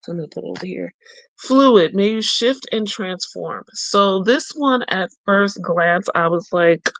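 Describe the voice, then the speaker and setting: A woman casually walking through a card deck, reading each card's message aloud and then musing about the picture, with frequent pauses and hesitations. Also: mid-range voice, vocal fry, a bit bright, no room sound. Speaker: tarot and oracle deck reviewer. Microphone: close mic.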